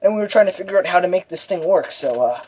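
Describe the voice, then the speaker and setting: A man's voice: high voice, lively intonation, fast talker, darkish tone, a little hiss or hum. A young man chatting casually as a movie reviewer, rambling and giggly with many fillers, on a dull lo-fi recording. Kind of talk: casual chat.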